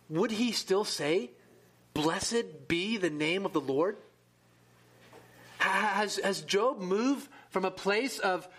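A man gives a sermon in a high voice, taking his time over every phrase. He reads scripture passages aloud with mounting intensity, then settles into a lower register to explain them. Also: a bit bright. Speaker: preacher.

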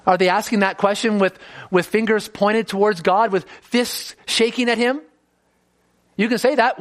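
A man with a fairly high voice preaches a sermon in an earnest, unscripted way. He often repeats a word as he starts a sentence. When he quotes others, he acts out their voices. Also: steady tone, moderate pace.

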